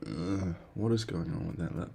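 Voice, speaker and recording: Excitable profane young man host. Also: low-pitched, moderate pace, vocal fry, a little hiss or hum. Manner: excitable, profane, swings between loud outbursts and whispers. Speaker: podcast host. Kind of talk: casual solo chat.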